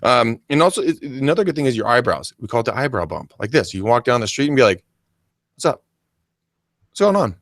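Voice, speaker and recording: A man co-hosting a casual coaching chat, animated and acting out silly greetings as he talks. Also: mid-range voice, fast, vocal fry, few pauses, no room sound, studio quality. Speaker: podcast co-host.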